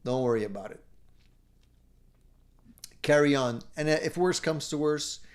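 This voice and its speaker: An upbeat middle-aged man hosts a casual live stream, reading out viewer comments and cheering the viewers on. His voice sits a little high for a man, and he chuckles easily between remarks. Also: a little slow. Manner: upbeat, encouraging, chuckles often. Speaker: live show host.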